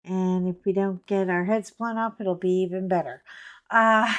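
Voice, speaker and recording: A woman's voice: mid-range voice, measured pace, a bit bright. A middle-aged woman chatting casually while she colors, rambling with joking asides. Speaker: coloring vlogger.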